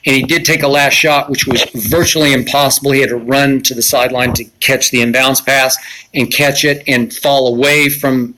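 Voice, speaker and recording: A man's voice: mid-range voice, steady tone, normal speed, bright, forceful tone, a little hiss or hum, poor audio. A man in his sixties giving an opinionated solo live commentary on basketball, emphatic and sometimes sarcastic. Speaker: sports commentator.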